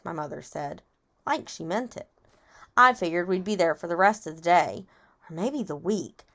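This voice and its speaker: A woman's voice: mid-range voice, gravelly. A woman teacher reading a chapter book aloud to children, stopping to ask and explain vocabulary words.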